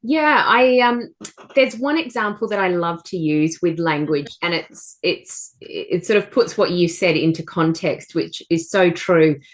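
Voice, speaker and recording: A woman's voice: fairly low pitch, animated, a little slow. A woman coach in a casual chat, enthusiastic and encouraging, giving everyday examples. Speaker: co-host and coach.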